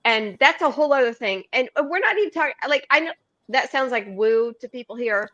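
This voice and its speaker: A woman with a higher, bright, forward voice, hiccuping her way through a casual panel discussion. She laughs between thoughts and keeps restarting her sentences. The sound is dry and close, with no room around her. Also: lively intonation, a little fast, dry recording, lo-fi sound.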